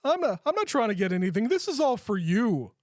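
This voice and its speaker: This man co-hosts a movie podcast, retelling scenes with lively, casual energy and some loose swearing. His voice sits high for a man, and the recording is close, dry and brisk.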